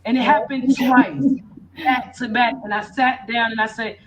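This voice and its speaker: Candid middle-aged woman, high voice. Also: fairly even intonation, normal speed, a bit bright, muffled recording. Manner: candid, emphatic, blunt. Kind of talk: personal testimony in casual chat.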